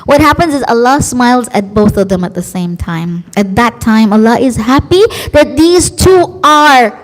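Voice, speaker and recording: High-voiced woman preaching in a hall. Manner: expressive, acts out quoted voices. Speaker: female preacher. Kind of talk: emotive religious sermon. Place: large community centre hall. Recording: long hall reverb.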